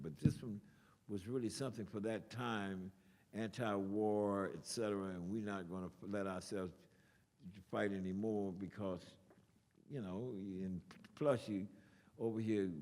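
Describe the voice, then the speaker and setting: An older man with a lowish voice spins a lively, salty story for an audience, punctuating it with sound effects. His words trail off into a long hall reverb. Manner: animated storyteller, swears and makes sound effects. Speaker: guest speaker. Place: lecture hall.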